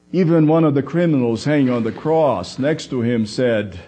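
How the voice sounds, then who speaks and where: A man preaching a sermon, slow and deliberate, pausing for emphasis and voicing the quoted words of others. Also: mid-range voice, warm tone.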